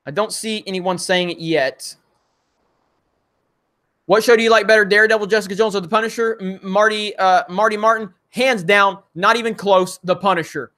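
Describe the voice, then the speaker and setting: A man's voice: sits high, moderate pace, pushed and bright. A man hosting a casual live stream, reading viewer messages aloud, laughing often and talking loosely with many fillers. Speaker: livestream host reading super chats.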